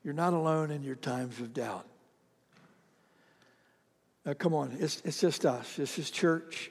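An older man preaching a sermon in church, telling a family story with halting restarts before building to emphatic calls. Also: mid-range voice, a little mellow, husky. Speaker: pastor. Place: church sanctuary. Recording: long reverb of a church hall.

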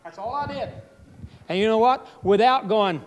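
A man preaching a sermon with emphatic, dramatic delivery, voice leaping up and dropping low. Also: animated, moderate pace, a little hiss or hum. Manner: emphatic, with sudden jumps and drops in pitch and loudness.

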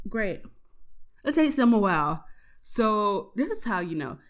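A young woman in college tells a profane story about her day for a casual audio diary. Her mid-range voice moves a little slowly, and she's animated, laughing as she goes.

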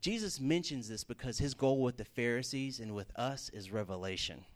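A man preaching a relaxed, conversational sermon, with his voice sitting in an ordinary middle range for a man. He tells stories with animated bursts of energy and slips in casual fillers as he goes. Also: medium pitch, moderate pace. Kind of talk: sermon with storytelling.

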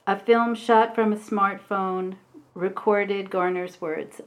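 A woman meditation teacher giving a Dharma talk, speaking slowly and hesitantly with pauses and fillers, reading a passage aloud. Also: medium pitch, steady tone.

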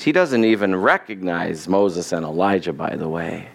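A man's voice: low-pitched, unhurried, creaky, hardly any pauses. A male pastor giving a conversational sermon, acting out the lines he quotes and chuckling as he goes.

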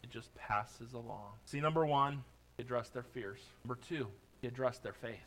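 A male pastor preaching a sermon, building from soft musing to emphatic declarations, repeating phrases and reading scripture in old-fashioned wording. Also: medium pitch, normal speed.

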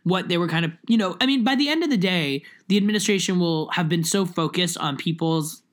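A woman's voice: lowish voice, a little fast. A young woman chatting casually as a podcast co-host. She rambles, with lots of fillers and restarts. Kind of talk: casual chat.

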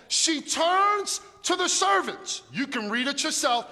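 High animated preacher in an echoing hall. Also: male voice, unhurried. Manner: animated, humorous, conversational, shouting for emphasis. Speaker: pastor. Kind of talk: sermon. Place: church hall. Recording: long echo of a large hall.

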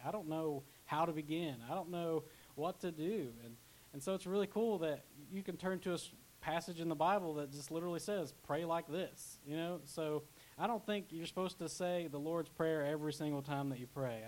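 A man's voice: a little high, brisk, darkish tone, rough recording. A young man preaching a casual sermon as pastor, chatty, with asides and restarts. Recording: faint hiss.

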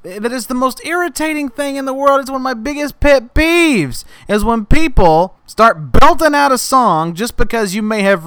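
High bright guy doing an exasperated comedy rant, smooth clear voice. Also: dry recording. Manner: exasperated, mock-angry, builds to outbursts. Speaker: podcast host. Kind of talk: ranting comedic monologue.

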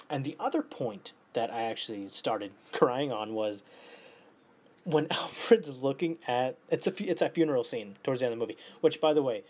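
A man in his twenties talking casually in an animated way, swearing often and swinging between loud outbursts and near-whispers. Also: medium pitch. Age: 20s. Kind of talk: casual monologue.

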